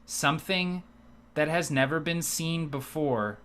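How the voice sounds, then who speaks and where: A man doing a droning monotone dwarf bard. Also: on the high side, a little slow, voice pushed up. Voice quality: flat, no inflection, droning.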